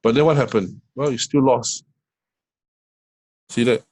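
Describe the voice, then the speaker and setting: Middle-aged male trading coach, husky, conversational screen-share lesson. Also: medium pitch, fairly even intonation, unhurried, a little mellow, poor audio. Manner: conversational, many fillers and "right?" checks.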